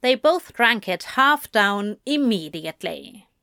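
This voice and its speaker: Slow, expressive woman reading a story. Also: mid-range voice, creaky, clear, resonant tone, no echo, clean studio sound. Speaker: narrator. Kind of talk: audiobook reading of fan fiction.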